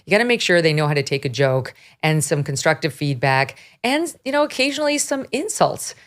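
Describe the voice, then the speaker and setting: Blunt animated woman talk show host. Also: low-pitched, brisk. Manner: blunt, animated, laughs often. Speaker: podcast host. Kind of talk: opinionated talk show chat.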